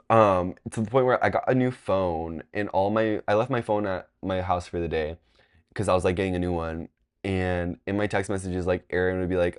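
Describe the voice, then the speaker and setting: A young man telling a casual storytime, rambling with lots of fillers and jumping into high, loud voices when he quotes people. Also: fairly even intonation, moderate pace, clean tone. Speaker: vlogger.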